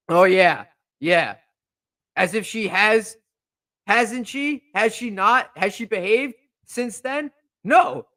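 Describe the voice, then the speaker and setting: A man's voice: high voice, pushed and bright, dry recording. Fired-up young male podcast host. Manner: fired-up, indignant, repetitive. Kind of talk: heated podcast rant. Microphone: podcast microphone.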